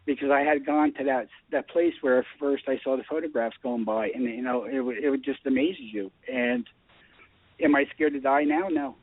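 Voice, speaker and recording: A man telling his story in a casual radio chat, animated and acting out the dialogue. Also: mid-range voice, moderate pace, no echo. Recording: tinny phone line.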